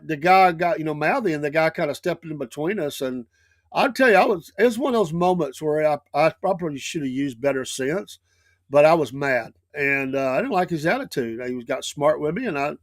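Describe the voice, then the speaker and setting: A middle-aged Southern man telling a long story in a casual, rambling way, voice sitting a little high for a man. He stops and restarts his sentences often. The sound is close and dry, with no room around it. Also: a little fast, no echo. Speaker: show host.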